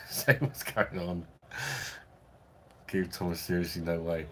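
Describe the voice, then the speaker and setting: Chatty low-voiced man hosting a live stream. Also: fairly even intonation, takes it slowly, sharp tone. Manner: chatty and jokey, laughs often, loose rambling delivery. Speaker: live-stream host reading viewer chat. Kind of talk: casual live-stream chat. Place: at home.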